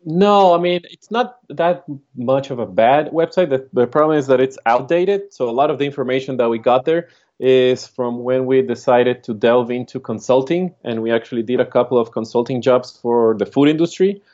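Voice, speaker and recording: A man with a Spanish accent talks in an easygoing, chatty way as a podcast guest, laughing now and then. His voice sits at an ordinary middle pitch. The sound is dull and a little lo-fi. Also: moderate pace, darkish tone. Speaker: startup co-founder guest. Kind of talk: casual podcast interview.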